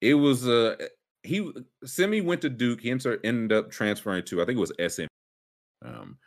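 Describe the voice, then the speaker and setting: A man's voice: mid-range voice, sing-song, normal speed. A man hosting a casual sports podcast, rambling with fillers and restarts and a sarcastic streak. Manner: sarcastic, wry.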